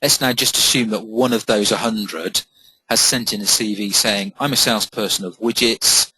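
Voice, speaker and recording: Man, career advice talk, bright husky voice, dry close sound. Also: fairly low pitch, moderate pace, no room sound, rough recording. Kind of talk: webinar-style talk.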